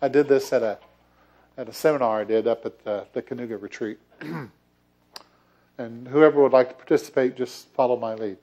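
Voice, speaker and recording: A man's voice: medium pitch, a little fast, long pauses, dark tone. A man giving a sermon as the church's minister, playful and jokey, often chuckling as he talks to the congregation. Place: church sanctuary.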